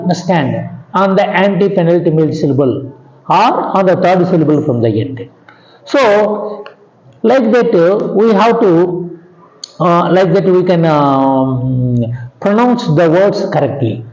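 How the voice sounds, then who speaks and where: A man with an Indian English accent lecturing on English grammar, pausing with many uhs and asking "understand?" often. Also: high-pitched, a little mellow. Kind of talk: classroom lecture. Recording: echoey dull lo-fi room sound.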